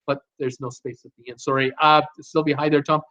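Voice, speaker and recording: A man's voice: on the high side, level tone, brisk, pushed and bright. A middle-aged man hosting a live stream, casually reading out viewer comments and answering them with many fillers and restarts. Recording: dull lo-fi stream audio.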